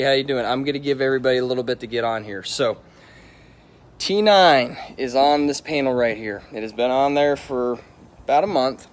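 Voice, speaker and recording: A middle-aged man hosting a live stream, hyped and energetic, greeting viewers by name and repeating himself as he talks. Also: medium pitch. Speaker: auto detailer hosting a livestream.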